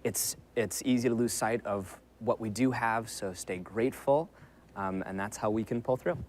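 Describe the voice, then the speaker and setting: A man talking as a panel guest, sincere and halting, with many fillers. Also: fairly low pitch, a little mellow. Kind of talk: casual chat.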